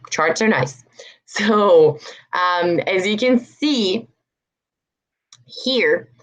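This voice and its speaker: A young adult woman from Brazil with a Brazilian Portuguese accent, giving an online English pronunciation lesson and patiently repeating words for practice. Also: on the low side. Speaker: English teacher.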